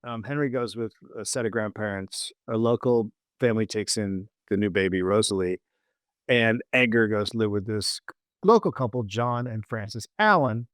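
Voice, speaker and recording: A man's voice: lowish voice, fairly bright tone, no room sound, clean studio sound. Male host casually retelling history. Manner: halting, many restarts and fillers. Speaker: podcast host telling a history story. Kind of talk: casual comedic storytelling.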